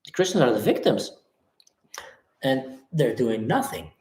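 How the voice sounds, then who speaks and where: Impassioned male livestream host, mid pitch, reverberant room. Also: sing-song, unhurried, darkish tone. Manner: impassioned, emphatic. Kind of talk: live chat reading comments. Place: Germany.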